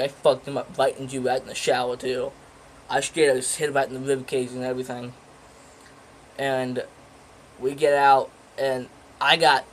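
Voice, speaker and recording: A man's voice: mid-range voice, a little hiss or hum, rough recording. A teenage guy casually telling a story in a rambling, profane way, full of fillers and restarts. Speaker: vlogger.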